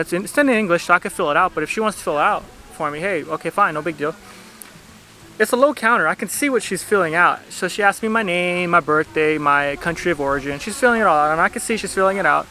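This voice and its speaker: This man's voice is a little high, bright and forceful, with a faint hiss or hum in the recording. Vlogging outdoors at the beach, he rambles casually through a travel story to the camera, leaning heavily on "like."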